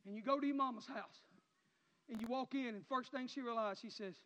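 High-voiced preacher, shouting and murmuring. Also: male voice, normal speed, long pauses. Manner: impassioned preaching, swinging from shouts to low murmurs. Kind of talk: sermon. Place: church sanctuary. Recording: muffled sound with long hall reverb.

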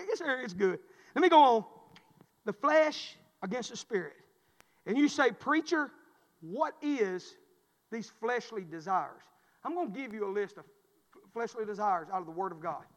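A man preaching a passionate sermon as pastor, swinging between shouts and low, intense passages. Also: muffled recording. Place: church sanctuary. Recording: long hall reverb.

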